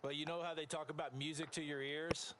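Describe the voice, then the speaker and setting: An analytical football color commentator from a video game. He breaks plays down in a measured, explanatory way. His voice sits slightly high. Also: flat delivery, sharp tone. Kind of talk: scripted sports commentary.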